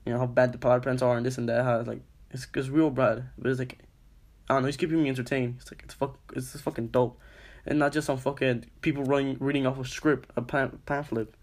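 A man's voice: medium pitch, flat delivery, quick pace. A young man co-hosting a casual podcast, telling a story with lots of swearing and "I was like" quotes. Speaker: podcast co-host.

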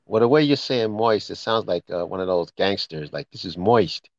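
Deep-voiced man, dry, slightly dull sound. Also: animated, normal speed, no echo. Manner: joking, drops into gangster impressions. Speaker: podcast co-host. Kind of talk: casual chat.

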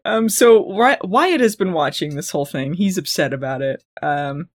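A podcast co-host recapping a TV episode in casual chat, sarcastic and quick to laugh. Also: mid-range voice. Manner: animated, sarcastic, laughs often.

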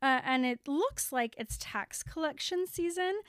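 Brief: young woman co-host, bright high voice, laughs a lot, dry close sound. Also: lively intonation, unhurried, dry recording. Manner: chatty, laughs often, frequent fillers. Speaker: podcast co-host. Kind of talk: casual chat.

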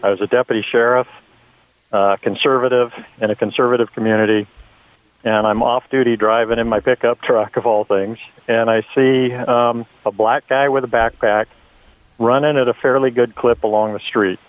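A man's voice: medium pitch, steady tone, normal speed, dry recording. Middle-aged guy calling in, earnest rambling story, tinny phone line, dry sound. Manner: earnest, storytelling with many fillers. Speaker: caller.

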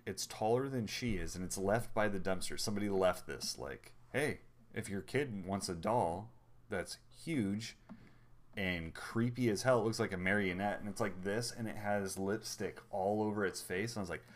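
A man in his thirties, a podcast co-host, telling rambling family anecdotes in casual chat and acting out the quotes. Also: sits low.

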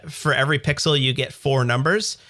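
A man's voice: mid-range voice, steady tone, fairly quick, bright, forceful tone, no echo, studio quality. A Canadian man in his thirties co-hosting a podcast, explaining things in an upbeat, jokey way with lots of examples. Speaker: podcast co-host. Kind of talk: casual tech chat.

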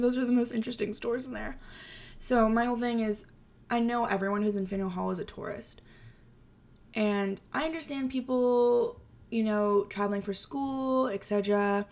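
A woman's voice: mid-range voice, creaky, darkish tone. A young adult woman hosting a solo podcast, talking in a chatty, casual way with lots of "like" fillers. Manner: chatty, full of "like" and "you know" fillers. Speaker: podcast host.

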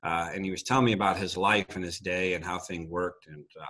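A middle-aged man telling personal faith stories earnestly, with soft laughs, as a Christian speaker. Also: low-pitched, fairly even intonation, a little fast. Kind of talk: conversational testimony.

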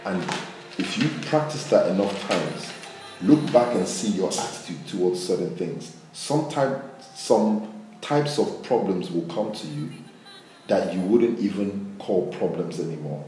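Casual pastor guy preaching, kinda low voice, big echo, music going behind. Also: a little slow, distant mic. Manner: conversational, animated, acts out quotes. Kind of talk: sermon. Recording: very echoey room with music behind.

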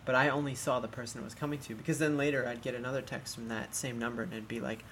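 A man in casual chat, retelling awkward exchanges in a wry, deadpan way. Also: medium pitch, racing, few pauses, a little hiss or hum.

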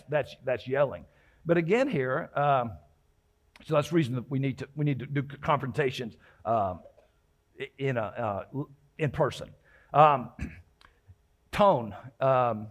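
A male pastor preaching a sermon in a conversational style, often restarting his sentences and acting out the quotes he tells. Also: on the high side.

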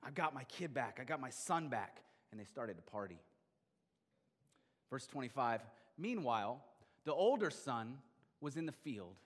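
A man's voice: mid-range voice, unhurried. Male pastor preaching in a reverberant hall. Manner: animated storytelling, voicing the father with rising excitement. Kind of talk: sermon.

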